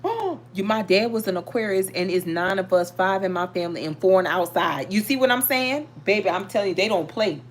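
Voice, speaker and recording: A middle-aged woman hosting a live chat, telling stories in a lively, animated way and talking straight to her viewers. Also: mid-range voice, brisk, hardly any pauses. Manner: animated, storytelling, talks to viewers. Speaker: livestream host reading tarot.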